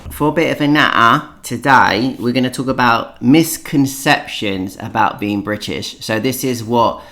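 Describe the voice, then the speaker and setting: A man hosts a relaxed podcast chat, steering the conversation from topic to topic. His delivery is chatty and lightly teasing, and his pitch sits in an ordinary middle range. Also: a little slow. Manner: chatty, leads the talk, teasing. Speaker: podcast host. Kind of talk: casual chat.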